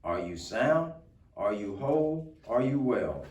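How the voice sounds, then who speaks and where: A man's voice: medium pitch, sing-song, takes it slowly, darkish tone. A man voicing a big, kind male elephant who speaks earnestly and pleads for his small friends. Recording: roomy, distant mic.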